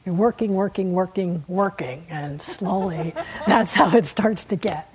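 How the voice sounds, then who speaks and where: A woman meditation teacher giving a dharma talk in a gentle, unhurried way, laughing softly and letting her endings fall quiet. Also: fairly low pitch, crowd noise, low-quality recording. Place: meditation hall.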